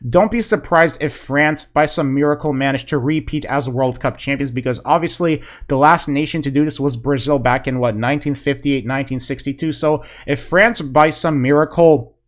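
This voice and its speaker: A man giving a casual, rambling football reaction, excitable and full of fillers like "man" and "you know". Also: fairly high pitch, normal speed, few pauses. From Polish fan. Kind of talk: casual video reaction commentary.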